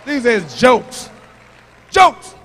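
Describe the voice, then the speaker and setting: A male stand-up comedian performing a profane set, teasing the audience and shouting punchlines at them. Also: extremely high pitch, huge pitch swings, drawn-out words, a faint crowd, a little hiss or hum.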